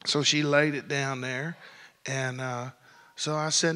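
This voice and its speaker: A male pastor preaching a sermon, telling folksy stories that build into loud preaching. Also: mid-range voice, little pitch movement, takes it slowly. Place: church sanctuary. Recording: long hall reverb.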